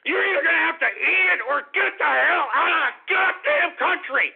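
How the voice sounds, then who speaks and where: A man hosting a talk radio show, ranting in a gloating, mocking way, shouting and cackling. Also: very high voice, normal speed, vocal fry. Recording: phone-like lo-fi radio broadcast.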